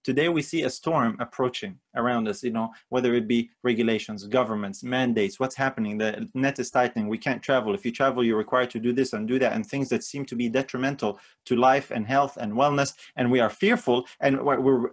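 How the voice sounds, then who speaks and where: A man's voice: medium pitch, a little fast, slightly rough. A man preaching a sermon in an earnest manner, lifting his voice on key phrases and often repeating words.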